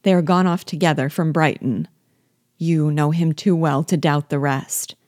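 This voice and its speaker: A woman reading the lines of a distressed young gentlewoman from a classic novel, urgent and anguished, in a low, mellow voice. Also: fairly even intonation, normal speed, dry recording, clean studio sound, lightly acted.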